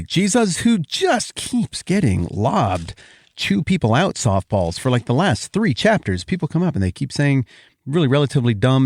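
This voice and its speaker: A man hosting a Bible podcast, teaching in a joking, animated way that swings from excited to quiet. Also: mid-range voice, no echo, clean studio sound.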